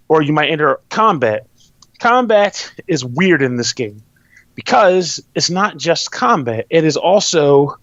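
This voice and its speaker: A man's voice: fairly high pitch, fairly bright tone, no echo, dull audio. A man hosting a podcast, explaining a game in rambling, loose and profane casual chat. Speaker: podcast host reviewing a game.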